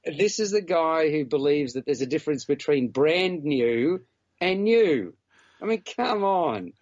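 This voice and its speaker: Teasing man, slightly higher voice, muffled. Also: very animated, a little slow, a little mellow. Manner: chatty, teasing, talks in long run-on stretches. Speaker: film reviewer co-host. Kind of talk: casual podcast chat about a film.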